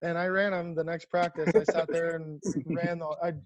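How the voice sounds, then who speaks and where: A man, a professional baseball coach, telling stories in a casual, animated way over a video call. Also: a little high, moderate pace, no echo, muffled recording. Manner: animated, lots of restarts and laughs. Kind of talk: casual storytelling.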